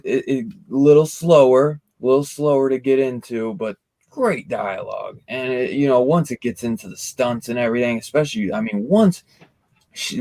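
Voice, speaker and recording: A man talking movies in casual group chat, excitable and profane, often restarting his sentences. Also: mid-range voice, no room sound. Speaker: movie review panelist.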